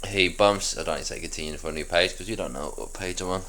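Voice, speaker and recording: Deep-voiced man reading his script. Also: fast, bright, forceful tone, a little hiss or hum. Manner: self-mocking asides, mumbled. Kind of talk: casual script read-through.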